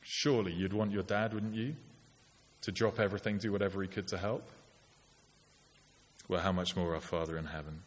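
Middle-aged male preacher, lowish voice, chatty and wry, recorded in a hall with a long echo. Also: fairly even intonation, a little fast, long pauses. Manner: conversational, wry asides with put-on polite voices. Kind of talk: sermon.

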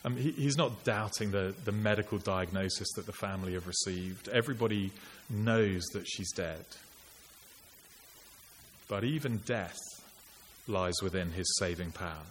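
A man with a fairly low voice delivers an earnest, reflective sermon in a conversational tone. His words ring out with a long church reverb, and a faint hiss runs under the recording. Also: normal speed. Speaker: preacher.

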